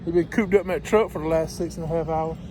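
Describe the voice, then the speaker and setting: A man's voice: a little high, fairly even intonation, quick pace, noisy background. A man talking casually to his phone camera as a truck-driving vlogger, chatty and exasperated, laughing often. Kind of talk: casual vlog rant. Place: truck cab and loading dock.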